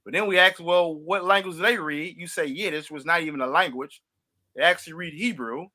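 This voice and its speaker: On the high side and fairly quick, this St. Louis man's voice has a sharp tone. As podcast host of a heated religious debate, he hammers his opponent with repeated questions and laughs mockingly.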